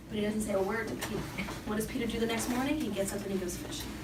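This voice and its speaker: A young woman giving an animated Bible talk as a youth speaker, storytelling with lively acted-out quotes. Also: medium pitch, racing, few pauses. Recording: echoey hall from far off with background noise.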